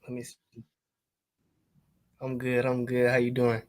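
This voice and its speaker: A man, a student on a coaching call, describing a deal in a measured way. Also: medium pitch, completely flat delivery. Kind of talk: casual deal discussion.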